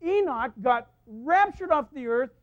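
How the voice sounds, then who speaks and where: Lively storytelling pastor, man. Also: extremely high pitch, a little slow. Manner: storytelling, lively, laughs at his own stories. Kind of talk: sermon. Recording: dull lo-fi sound.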